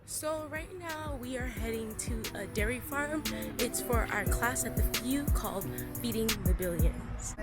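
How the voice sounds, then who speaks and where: A woman's voice: fairly high pitch, animated, a little slow, loud music behind the voice. A young woman hosting her travel vlog, chatting casually and upbeat on a farm visit, filmed on a handheld camera. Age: young adult. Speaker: vlogger host.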